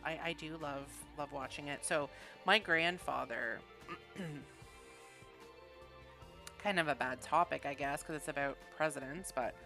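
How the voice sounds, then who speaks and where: Rambling, chatty woman streamer, low-ish bright voice, faint music behind. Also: unhurried, creaky, pauses often. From Canada. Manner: rambling, chatty, laughs often. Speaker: gaming streamer. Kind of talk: casual chat while building in a video game.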